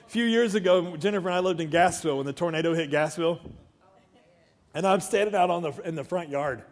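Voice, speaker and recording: A middle-aged man, preaching a sermon as pastor and telling a story with swings from quiet talk to shouting. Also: on the high side, fast talker. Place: church sanctuary.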